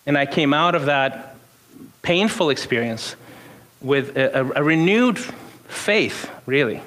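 A man in his fifties preaching in a relaxed, conversational way, moving from personal stories to his point. His voice sits a little higher than most men's. He often restarts his sentences as he talks. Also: slow. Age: 50s. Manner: storytelling, informal, frequent restarts. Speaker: pastor. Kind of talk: conversational sermon.

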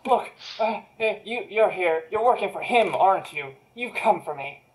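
A woman's voice: medium pitch, lively intonation, normal speed, natural voice, low-quality recording. A woman voicing a bitter, scheming male wizard's former apprentice who rants indignantly. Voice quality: indignant, ranting.

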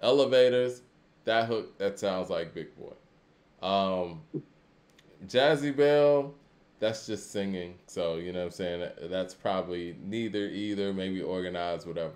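A man's voice: low voice, measured pace, a little mellow. A man co-hosting a podcast, talking in an easygoing, hesitant way with many ums during a casual debate. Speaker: podcast co-host.

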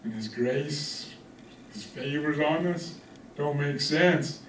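A pastor preaching a conversational sermon, often checking in with the congregation. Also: male voice, a little high, takes it slowly, slight background noise. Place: church hall. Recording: echoey room from a distance.

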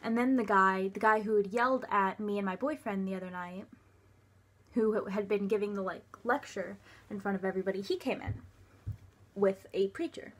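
A young woman recounts a personal story in a casual, unscripted way. She speaks at a middling pitch with hesitant starts, lots of fillers, and soft, quiet stretches. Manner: halting, hesitant, with many fillers. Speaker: vlogger.

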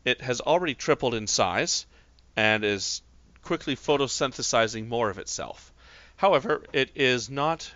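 A man's voice: medium pitch, pushed and bright, no echo, highs cut off. A man narrating as game master of a tabletop role-playing game, with a hesitant, filler-laden delivery.

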